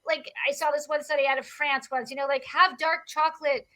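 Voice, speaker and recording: A woman hosting a podcast, talking in an easy, filler-heavy way. Her voice is high and very bright. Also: level tone, a little fast. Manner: conversational, many fillers. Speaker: podcast host. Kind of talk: casual podcast chat.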